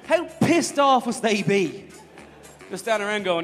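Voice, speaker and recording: A man's voice: high voice, a little fast. A man performing a stand-up routine on stage, delivering one-liners. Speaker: stand-up comedian. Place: comedy club stage. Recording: live stage recording with reverb, faint music.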